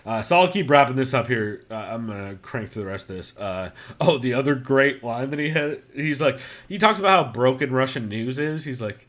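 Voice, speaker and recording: A man's voice: medium pitch, lively intonation, a little fast, hardly any pauses, fairly bright tone. A man hosting a casual podcast, talking loosely with lots of fillers and swearing. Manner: loose and profane, many fillers. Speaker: podcast host.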